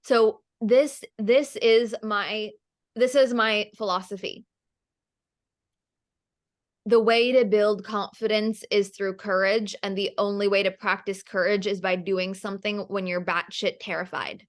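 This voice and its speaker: A woman coaching on a video call, energetic and emphatic, repeating phrases to drive her point home. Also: mid-range voice, measured pace. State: emotional, near tears. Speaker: business coach.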